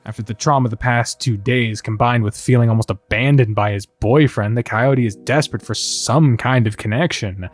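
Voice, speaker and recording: Man in his own voice narrating a story game, excitable, mid pitch. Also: moderate pace, few pauses, faint music behind. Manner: excitable, swears in asides.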